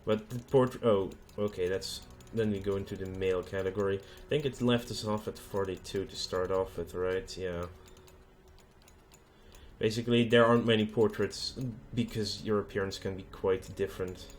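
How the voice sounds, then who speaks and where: A man's voice: fairly low pitch, steady tone, moderate pace, slight background noise. A man hosting a let's play, thinking aloud in casual gameplay commentary with many hesitant fillers.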